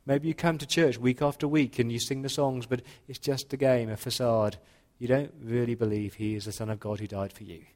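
A man preaching a sermon in a church, earnest, slowing into quiet dramatic pauses. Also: mid-range voice, fairly even intonation. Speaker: pastor.

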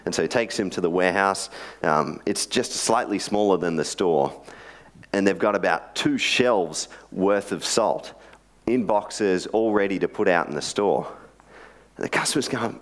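Deep-voiced man preaching. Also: normal speed. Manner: chatty storytelling with joking asides. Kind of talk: sermon.

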